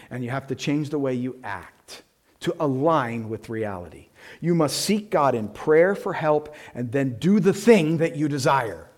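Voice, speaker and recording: Earnest male preacher, fairly high voice. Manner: earnest, shifts between quiet intensity and emphatic bursts. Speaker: pastor. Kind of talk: sermon.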